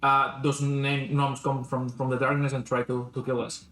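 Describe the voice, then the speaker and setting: A man playing a tabletop game, hesitant, pausing with ums as he searches for words. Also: mid-range voice, completely flat delivery, a bit bright, roomy sound, poor audio. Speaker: player. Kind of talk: casual chat at a game table.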